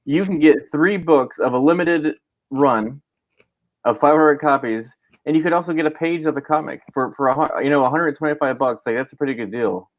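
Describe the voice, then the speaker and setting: A man's voice: a little high, a little fast, dry recording. Laid-back male guest on dull lo-fi audio. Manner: laid-back, explaining, many fillers. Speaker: comic creator guest. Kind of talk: casual livestream chat.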